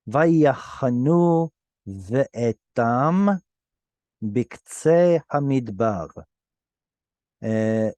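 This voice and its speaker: A man's voice: on the high side, warm tone, dry recording. A man teaching a language class online over a video call, patiently explaining word by word and correcting himself as he goes. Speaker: Hebrew teacher.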